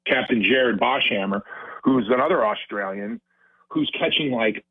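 A man calling in to a radio show as a tackle company guest, telling a fishing story with lively, acted-out quotes. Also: mid-range voice, moderate pace, breathy edge. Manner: animated storyteller, acts out quotes. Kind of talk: phone-in radio interview. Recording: tinny phone line.

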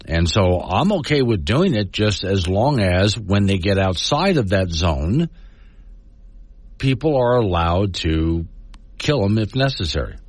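A man's voice: fairly low pitch, big pitch swings, measured pace, breathy edge, dry recording. A man hosting a talk show, giving folksy, argumentative commentary and reading news quotes aloud. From Wyoming. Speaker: talk radio host. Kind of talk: opinionated talk radio commentary.

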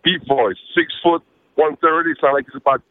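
A man's voice: on the high side, fairly even intonation, normal speed, dry recording. A man with a south Louisiana accent calling in to a radio show, talking in a rambling, folksy way over a tinny phone line. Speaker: caller.

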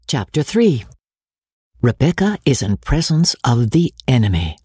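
A narrator reading a classic novel aloud, expressive with ironic asides. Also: mid-range voice, unhurried, breathy edge, no echo, clean studio sound. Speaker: audiobook narrator.

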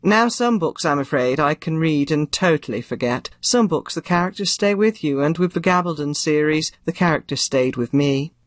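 Answering an interviewer's questions, an older audiobook narrator delivers crisp, theatrical lines in a low voice with lively intonation. She talks at a normal speed with hardly any pauses, and the audio is dry, free of room sound.

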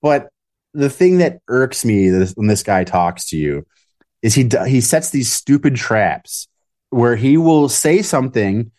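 A man's voice: medium pitch, lively intonation, measured pace, darkish tone. A man co-hosting a talk show, opinionated and sarcastic, ramping up into heated rants. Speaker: podcast co-host.

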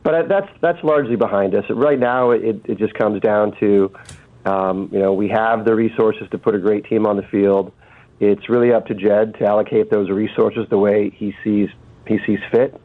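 A man calling in as a guest on a radio show, speaking haltingly with many fillers and restarts over a phone line. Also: fairly low pitch, fairly even intonation.

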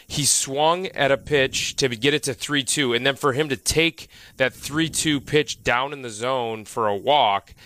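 Bright-voiced man analyzing baseball. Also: medium pitch, measured pace, hardly any pauses, no room sound. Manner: animated, emphatic, with restarts. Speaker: baseball analyst and former player. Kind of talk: casual sports talk radio.

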